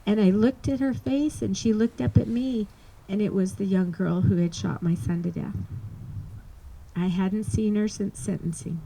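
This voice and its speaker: Mellow-voiced woman telling a personal story. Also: medium pitch, steady tone, creaky, a little hiss or hum, low-quality recording. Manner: earnest, halting, emotional recounting. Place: live performance space.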